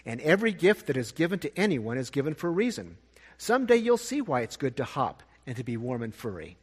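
A man voicing a great male silver wolf who speaks slowly, deliberately and gently, with a husky tone. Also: mid-range voice, very animated. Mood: gentle. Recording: long reverb.

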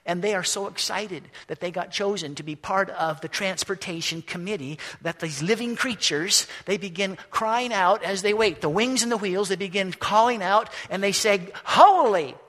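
A man preaching a sermon, telling the story with animation, acting out voices and shouting at its peaks. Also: high-pitched, moderate pace, few pauses.

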